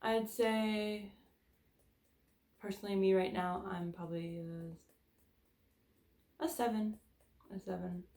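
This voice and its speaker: A woman's voice: medium pitch, fairly even intonation, slow pace, pauses often, dark tone. A woman leading a guided tapping session in a casual, candid way, swearing freely and sighing between statements. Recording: echoey room.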